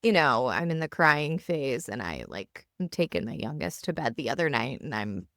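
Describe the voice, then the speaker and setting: A woman in her thirties co-hosting a podcast, talking casually in a halting way full of fillers and restarts, recorded at home in a basement. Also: rumbling low, big pitch swings, a bit bright, no echo, studio quality. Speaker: podcast co-host. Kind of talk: casual chat.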